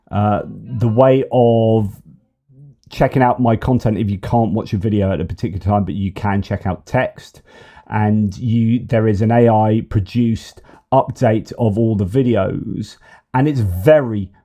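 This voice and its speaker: A man hosts his own news commentary video in a relaxed, mellow voice. He rambles along with plenty of fillers and restarts, and he keeps coming back to enthusiastic praise. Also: lowish voice. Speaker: host of a news commentary channel.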